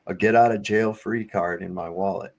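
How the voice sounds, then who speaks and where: A man with a lowish voice tells rambling stories on a live stream, swearing freely and breaking into laughter. His delivery is loose and conversational, the host chatting with his guests. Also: steady tone, normal speed, vocal fry. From Virginia. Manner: profane storyteller, laughs often. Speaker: livestream host. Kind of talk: casual chat. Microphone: home streaming setup.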